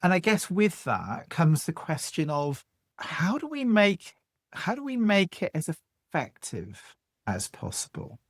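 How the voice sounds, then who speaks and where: A man's voice: high voice, wildly swooping pitch, measured pace, dry recording, studio quality. A man hosting a podcast, affirming his guest and asking thoughtful questions. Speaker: podcast host. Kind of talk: podcast interview.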